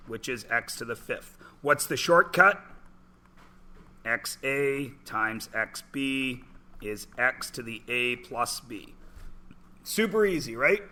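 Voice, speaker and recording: A man's voice: mid-range voice, sharp tone. A man in his forties teaching a math class, chatty and joking, asking the class questions in between. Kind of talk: classroom lecture with anecdotes.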